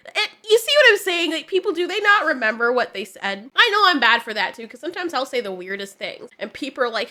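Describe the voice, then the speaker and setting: A young woman giving reaction commentary in an animated way, often laughing and mimicking people in silly voices. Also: sits high, fast talker, few pauses. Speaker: YouTube commentator.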